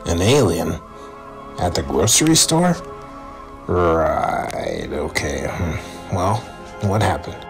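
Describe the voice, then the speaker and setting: A performer voicing a slow, skeptical male questioner who makes a witness repeat an odd story. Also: low voice, sing-song, gravelly, over music, pitched below the performer's own voice, full character voice.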